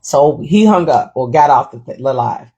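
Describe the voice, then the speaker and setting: A middle-aged woman hosts a casual livestream, telling a story with animated indignation and reading viewers' comments out loud. Her voice is extremely low and her pace moderate.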